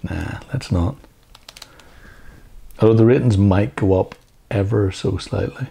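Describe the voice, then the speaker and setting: Man, husky and gravelly, warm low tone, lively teasing co-host. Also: measured pace. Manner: teasing, playful banter with repeated name-calling. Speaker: podcast co-host. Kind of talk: casual chat.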